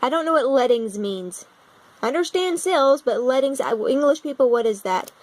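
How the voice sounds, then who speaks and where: This is casual vlog narration from a young woman in the United States, who thinks aloud and puzzles over a map on her computer. She speaks at a normal speed in a high, expressive voice with a darkish tone. Her phone, propped against her laptop, captures it in poor audio.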